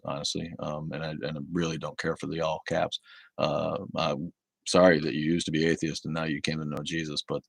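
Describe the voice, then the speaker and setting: A man's voice: low-pitched, no room sound, clean studio sound. A man hosting a casual livestream, reading out viewer comments and answering them with sarcastic, profane rants full of restarts.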